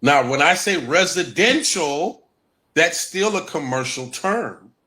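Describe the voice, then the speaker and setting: A man with a bright, ringing voice that sits a bit high delivers an emphatic livestream lecture with a Black lilt. He repeats his key points and keeps pressing the listeners. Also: animated, slow. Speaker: guest presenter. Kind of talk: livestream talk.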